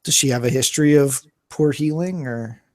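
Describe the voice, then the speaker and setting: A man's voice: mid-range voice, moderate pace, darkish tone. Hesitant man on a casual podcast call. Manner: hesitant, restarts sentences. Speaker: podcast co-host. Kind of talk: casual chat.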